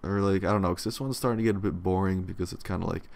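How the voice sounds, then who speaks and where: A man's voice: deep voice, steady tone, rapid-fire, creaky. A young man giving casual, rambling gameplay commentary, swearing freely and yawning often. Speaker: let's play commentator.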